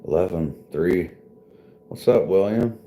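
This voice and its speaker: A man's voice: low-pitched, measured pace, dark tone. A man with a wife and kids chatting casually to his stream viewers, rambling and swearing, laughing often. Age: adult with wife and kids. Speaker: vlogger and livestreamer talking to viewers. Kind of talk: casual chat.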